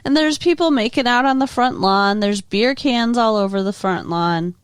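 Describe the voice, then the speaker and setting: A woman's voice: a little high, moderate pace, clean tone, no echo, clean studio sound. A woman co-hosting a podcast, recapping a TV episode in casual chat, exasperated and swearing. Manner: exasperated, swears, laughs along. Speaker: podcast co-host.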